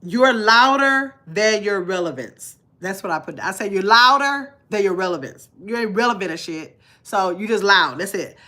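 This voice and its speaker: A woman's voice: medium pitch, animated, normal speed, sharp tone. A woman vlogging live to her chat in casual talk, blunt and emphatic, repeating her points.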